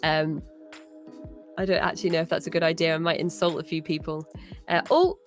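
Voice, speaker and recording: A woman's voice: deep voice, fairly even intonation, fairly quick, soft background music. A British woman hosting a live charity stream, chatting casually with lots of fillers and restarts. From Britain. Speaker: stream host.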